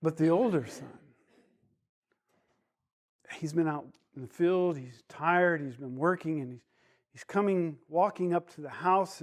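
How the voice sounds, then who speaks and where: In a Bible study lesson, a male teacher tells a parable like a story, drifting into side digressions before coming back to it. His voice is high for a man, and he speaks unhurriedly.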